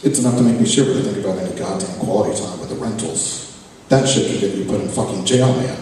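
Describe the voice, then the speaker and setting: A man's voice: deep voice, fast, a little mellow, slight background noise. Man reading sardonic, profane fiction in a hall. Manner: profane, sardonic first-person narration. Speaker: author reading his fiction. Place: reading event venue, hall. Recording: echoey hall from far off, faint ambience.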